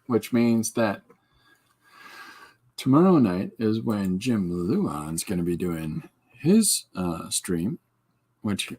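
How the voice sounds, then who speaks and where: This man's voice is lowish and a little mellow. He hosts a podcast stream, drawing as he chats casually and rambles with jokes, reading viewer comments aloud and responding.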